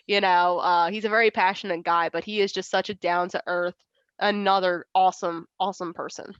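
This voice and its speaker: A woman's voice: on the low side, fairly even intonation, moderate pace, fairly bright tone, clear, resonant tone, no echo. Chatty young woman on a dull video call. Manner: chatty, laughs often, acts out quoted voices. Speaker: interview guest, arm wrestler. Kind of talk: casual interview chat.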